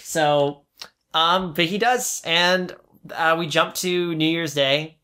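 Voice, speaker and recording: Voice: mid-range voice, slow, bright, forceful tone, clear, resonant tone. A podcast co-host chatting casually about a film, analytical and critical of the plot, sometimes dropping into silly mock voices.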